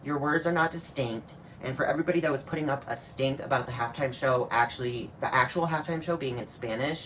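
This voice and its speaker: A man's voice: medium pitch, a little fast, few pauses, a bit bright. A man reacting on camera in a sassy, snarky way, tossing out slangy asides in a casual running commentary. A faint hiss sits under his voice throughout. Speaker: reaction video host.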